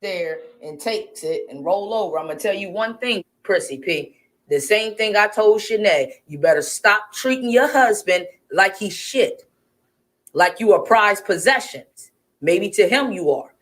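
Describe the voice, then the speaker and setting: A woman's voice: mid-range voice, expressive, a little slow. A woman giving blunt, scolding commentary while reacting to a video with a co-host.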